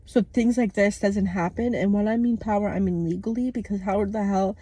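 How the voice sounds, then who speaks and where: A woman's voice: medium pitch, steady tone, a little fast, dark tone, husky, no echo. A young American woman recording a candid, outspoken video diary from her parked car, swearing freely as she talks. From United States. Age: young adult. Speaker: vlogger. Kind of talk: casual personal video diary.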